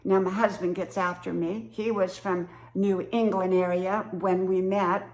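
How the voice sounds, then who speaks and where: A woman's voice: mid-range voice, level tone, measured pace, darkish tone, reverberant. A woman in her sixties from West Virginia with an Appalachian accent, chatting casually to camera in a folksy way and laughing often. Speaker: vlogger.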